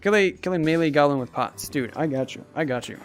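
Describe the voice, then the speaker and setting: Talking fast in a slightly high, animated voice, a young man offers casual commentary while livestreaming a game, with its music audible in the background. He's tired after hours on stream but keeps chatting with viewers in a wry, self-deprecating way.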